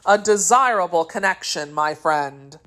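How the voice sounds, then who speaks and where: A woman's voice: on the low side, animated, measured pace, a bit bright. A woman doing a boastful, teasing musketeer. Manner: teasing, derisive. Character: boastful, talkative male musketeer.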